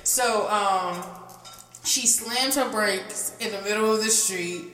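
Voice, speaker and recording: A young woman co-hosting a casual chat, animated and quick to laugh. Her voice sits at a middle pitch and bounces around a reverberant room. Soft music runs under it. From New York area. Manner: animated storyteller who laughs often. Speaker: podcast co-host. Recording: roomy reverb with faint music.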